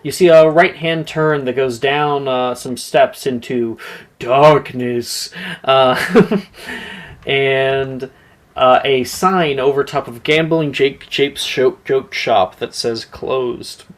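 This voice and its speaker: A man's voice: mid-range voice, steady tone, slow pace. A man narrating a tabletop game as game master, chatty and rambling.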